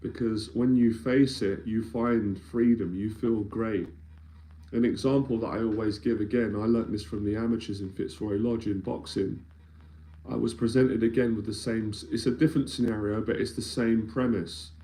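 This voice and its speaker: A man's voice: on the low side, steady tone, normal speed, warm tone. A man, an anxiety mentor speaking earnestly and emphatically in a live-streamed talk, often repeating phrases as he builds a point. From London, England.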